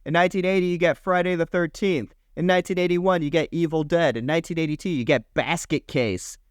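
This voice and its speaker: A man's voice: a little high, fairly even intonation, clear, resonant tone, dry recording, studio quality. Enthusiastic man rattling off film history. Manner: enthusiastic, listing years in quick bursts, swears casually. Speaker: podcast co-host. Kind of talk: casual chat, film history rundown.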